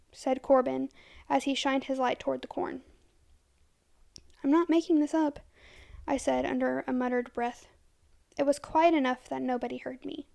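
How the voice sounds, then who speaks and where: A woman storyteller reading a first-person horror story aloud, soft-spoken and unhurried. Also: high-pitched, gravelly.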